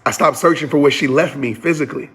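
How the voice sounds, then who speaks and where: A motivational speaker with a fairly bright, slightly rough voice pitched on the high side talks quickly. He preaches earnestly to "y'all," repeating phrases in a sermon-like rhythm as he grows emotional.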